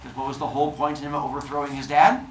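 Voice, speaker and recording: A man's voice: fairly high pitch, little pitch movement, fast, echoey room, distant mic. Playful male teacher telling a myth. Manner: playful, jokey asides. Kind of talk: animated storytelling to a class. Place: classroom.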